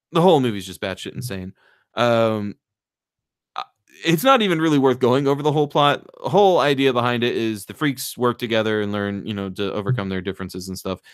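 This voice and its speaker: A man on a podcast excitedly retelling a movie plot, acting out the lines in raised voices and swearing freely. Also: fairly low pitch, no room sound, clean studio sound. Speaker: podcast co-host. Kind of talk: casual chat, retelling a movie.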